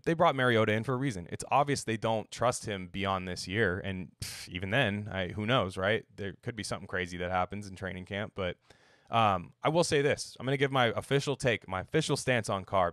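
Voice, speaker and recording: A man's voice: sits low, fairly bright tone, no echo, clean studio sound. A young man hosting a sports podcast, rambling in a casual, sarcastic way and swearing now and then.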